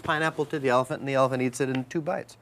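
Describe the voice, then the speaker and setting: An actor appearing as a guest races through animated anecdotes, acting out the people in them with loud, high voices.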